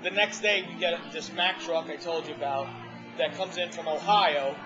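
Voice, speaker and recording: A man casually telling a long personal story to a small group in a restaurant, animated and restarting often. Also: fairly high pitch, normal speed. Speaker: former ambulance responder telling his story. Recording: dull lo-fi audio with loud music behind. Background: restaurant music.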